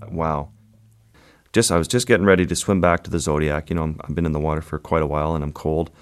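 A man speaks in a low, deep register as an interview guest. He is a photographer recounting his story piece by piece, pausing and reaching for words, then painting the scene in vivid detail. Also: fairly even intonation, clear, resonant tone. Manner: halting, vivid storytelling with pauses and fillers.

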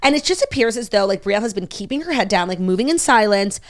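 A young woman co-hosting a casual pop-culture chat, talking fast and animated, with lots of fillers and sarcasm. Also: mid-range voice. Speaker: podcast co-host.

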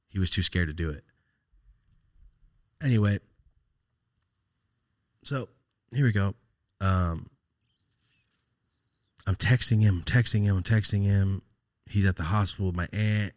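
A man's voice: sits low, normal speed, long pauses, no room sound, studio quality. A man, casually telling a story on his podcast, swearing and laughing as he talks. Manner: profane, animated, laughs while telling. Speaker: podcast host.

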